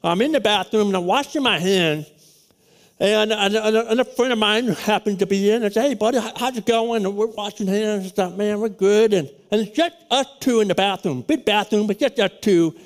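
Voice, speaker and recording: High-voiced loud preacher man. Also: moderate pace. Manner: animated storytelling with many restarts. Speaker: pastor. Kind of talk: sermon with personal story.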